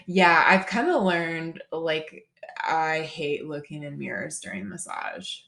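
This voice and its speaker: A young woman, a massage therapist co-hosting a podcast, tells stories casually, swearing and acting out quotes. Her deep voice is expressive and slow, with vocal fry and a pushed, bright quality. The recording has a roomy echo.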